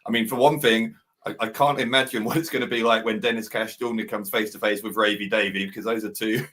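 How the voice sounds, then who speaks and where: A man chatting as a panelist on a video call, excitable and stammering as he restarts his thoughts. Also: on the low side, fast. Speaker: guest panelist. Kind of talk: casual preview chat.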